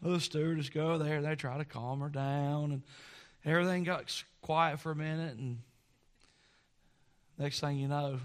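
A middle-aged man preaching a sermon, telling a folksy story in an animated way. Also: fairly high pitch, moderate pace, long pauses, clear, resonant tone. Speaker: pastor.

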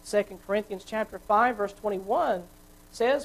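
A woman preacher giving a sermon, explaining at a measured pace and correcting herself as she goes. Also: on the high side, animated, low-quality recording.

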